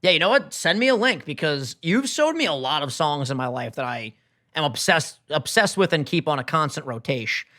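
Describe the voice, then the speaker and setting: Animated, bright-voiced male podcast host. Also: fairly high pitch, brisk. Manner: animated and jokey, hyped banter. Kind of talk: casual chat.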